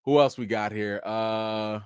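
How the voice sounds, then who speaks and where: A man hosting a casual live stream, teasing viewers with loud mock outrage and slangy talk. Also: takes it slowly, clear, resonant tone, no echo, studio quality. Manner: animated, teasing, swings between loud mock outrage and low mumbling; slangy casual speech with frequent restarts. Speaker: host of a live chat show.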